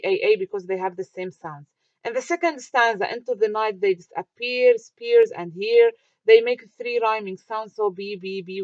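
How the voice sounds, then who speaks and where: A woman's voice: on the high side, dry recording. A woman teacher giving a recorded lecture, explaining step by step, asking questions and answering them herself, with fillers and restarts. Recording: dry, muffled lo-fi.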